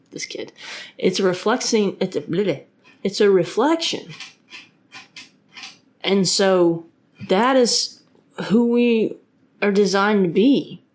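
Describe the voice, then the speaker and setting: A woman's voice: mid-range voice, takes it slowly, pauses often, a little mellow, a little hiss or hum. A woman hosting her own podcast, talking casually and earnestly about faith, rambling with frequent restarts and fillers. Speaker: podcast host; parent of a young son.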